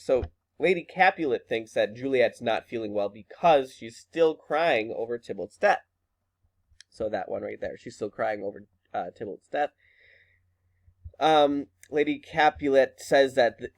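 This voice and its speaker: A man's voice: mid-range voice, measured pace, a little mellow. A man teaching a class, explaining a play in a casual, chatty way with fillers. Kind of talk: lesson reading and explaining a play.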